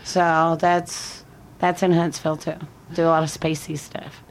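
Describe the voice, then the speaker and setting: A middle-aged woman speaking in a slightly low voice, her accent blending Western New York with an Alabama southern drawl. She talks casually and bluntly and laughs easily as she answers questions. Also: little pitch movement, a little slow, a little hiss or hum. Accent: mixed Western New York and Alabama southern. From Buffalo, New York area. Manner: chatty, laughs often, plain-spoken. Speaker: interviewee. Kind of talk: casual conversation.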